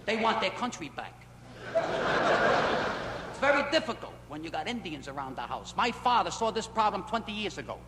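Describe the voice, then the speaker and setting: Comedian guy, high voice, punchy stories, noisy old club recording with laughs. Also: sing-song, moderate pace, pauses often. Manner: punchy storytelling with shifting pitch and loudness. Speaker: stand-up comedian. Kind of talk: nightclub stand-up routine. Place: nightclub stage. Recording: echoey club, scratchy 1960s film audio. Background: audience laughter.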